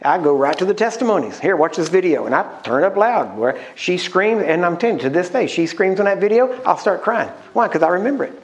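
Middle aged pastor preaching, chatty, tells stories, keeps asking the crowd stuff, voice a bit on the high side. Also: male voice, lively intonation, quick pace, few pauses. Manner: conversational storytelling preaching, asks the crowd questions. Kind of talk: sermon.

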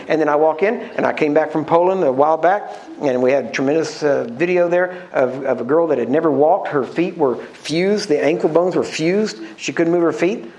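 A man's voice: fairly high pitch, darkish tone, highs cut off. A middle-aged man, a pastor, preaching a sermon in a conversational storytelling way, often asking his listeners questions.

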